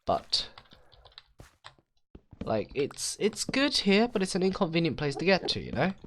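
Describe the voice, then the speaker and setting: Gaming host, male, rambling self-mocking commentary, lively swooping pitch, faint keyboard clicks behind. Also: measured pace, a little hiss or hum. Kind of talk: casual game commentary.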